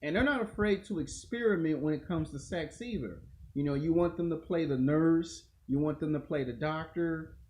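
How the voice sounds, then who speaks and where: Male video host, raised pitch, mellow timbre; loose, profane, rambling monologue. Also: moderate pace. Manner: crude, slangy, repetitive rant. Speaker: YouTube show host.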